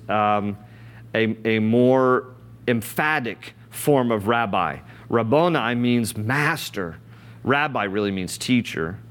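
A man preaching a sermon, reading scripture aloud and explaining it in an earnest, conversational way. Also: lowish voice. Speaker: pastor.

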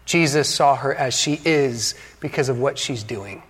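A man, a pastor, preaching a sermon with dramatic pauses, acting out the quotes and adding joking asides to the congregation. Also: medium pitch, fairly bright tone, husky. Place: church hall. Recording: long reverb of a large hall.

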